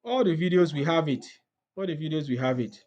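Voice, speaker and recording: High-voiced Nigerian man chatting politics. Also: a little fast, darkish tone, muffled recording. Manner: laughs often, repeats himself, rhetorical questions. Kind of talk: casual political chat.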